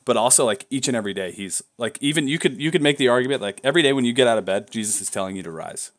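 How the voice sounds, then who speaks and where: A young man co-hosting a casual faith podcast, excitable and prone to loud whoops of joy. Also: mid-range voice, rapid-fire. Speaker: podcast co-host. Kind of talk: casual chat.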